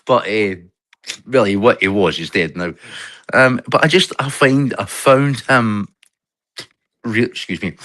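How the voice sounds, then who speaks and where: A man's voice: fairly low pitch, unhurried, pauses often, fairly bright tone, dry recording. Rambling man with a cold. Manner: rambling, restarts and trails off mid-sentence. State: has a cold with a cough. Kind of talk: casual chat.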